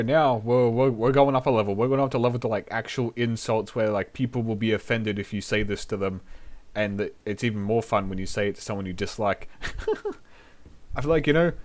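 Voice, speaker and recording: A young man, a VTuber host giving a laid-back, profane language lesson and laughing often. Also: medium pitch. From New Zealand.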